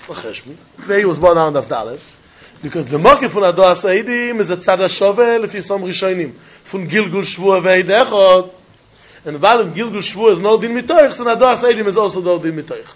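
A man teaching a Talmud class, animated and questioning, mixing in Yiddish and Hebrew terms. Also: high-pitched, dull audio.

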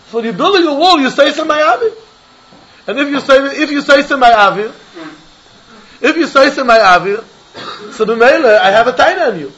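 A man giving an animated Talmud lecture, acting out both sides of a dispute in the first person. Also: high-pitched, lo-fi sound. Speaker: Talmud teacher.

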